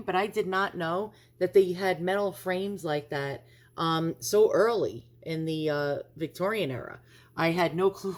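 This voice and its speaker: New lady rambling on her home vlog, kinda low voice, repeats stuff. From New York. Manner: chatty, rambling, repeats herself. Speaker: antiques vlogger. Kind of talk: casual chat to camera.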